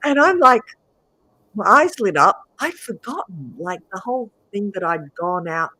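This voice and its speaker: A middle-aged woman, a guest, telling a story in a lively, animated way and laughing often. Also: mid-range voice, a little slow. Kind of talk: casual storytelling.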